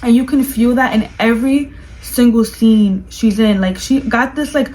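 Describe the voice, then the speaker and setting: A woman vlogger reviewing a movie in casual chat, gushing and animated, with lots of "like". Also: fairly high pitch, moderate pace, low-quality recording. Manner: gushing, animated, fills speech with "like".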